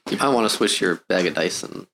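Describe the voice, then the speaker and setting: A man's voice: deep voice, expressive, fast, pushed and bright. Casual guy at a tabletop game, faint hiss behind. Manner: casual, joking.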